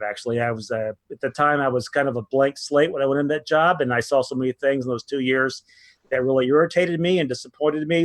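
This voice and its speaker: A man in his sixties answering as an interview guest, friendly and easygoing, telling his story in a steady way. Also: medium pitch, dry recording.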